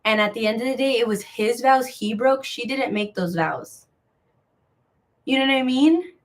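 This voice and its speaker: A young woman hosts a crochet live sale, chatting in a rambling, gossipy, frank way loaded with filler words and "likes." Her voice is on the high side and moves at normal speed.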